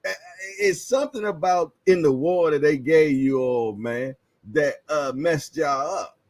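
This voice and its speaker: A man's voice: a little high, measured pace, darkish tone, no room sound. A man hosting a boxing news chat, talking in laid-back slang, laughing often and repeating himself. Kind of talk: casual livestream chat.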